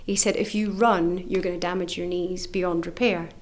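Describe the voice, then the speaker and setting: A middle-aged woman, an author and coach, chatting in a podcast interview. She tells her stories with real animation, acting out the other people in them. Her pitch swings high for the quoted lines. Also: moderate pace. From United Kingdom. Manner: animated, acts out quoted voices with big pitch jumps. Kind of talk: lively storytelling in an interview.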